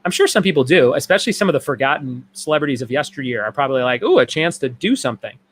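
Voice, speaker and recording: Hosting a trivia night over live stream, a man with a slightly high and a bit bright voice reads answers and questions in list form, going over them again for the players.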